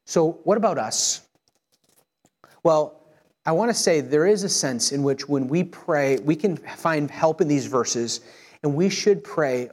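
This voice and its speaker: A man preaching a sermon in an earnest, measured way. His voice sits a little high for a man, and he drops softer and slower whenever he speaks a prayer aloud. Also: animated. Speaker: pastor.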